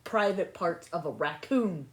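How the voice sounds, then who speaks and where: Recorded on a phone, a woman hosts a live stream full of casual chat, jokes, playful teasing and frequent laughter. Her voice is lowish, animated and unhurried.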